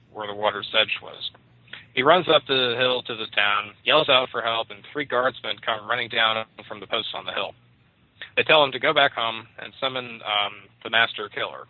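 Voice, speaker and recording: A man's voice: lowish voice, no room sound. A man narrating an ad-libbed story on a radio show, loose and full of restarts. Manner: loose, with many fillers and restarts. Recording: tinny dry phone line.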